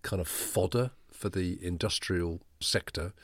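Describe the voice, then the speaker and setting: A man's voice: low voice, a little slow, dry recording. A man co-hosting a podcast, explaining things thoughtfully in casual chat. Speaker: podcast co-host.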